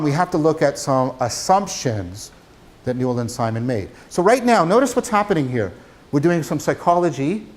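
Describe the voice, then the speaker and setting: Man, university lecturer, fairly high-pitched, animated, asks the class questions. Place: lecture hall.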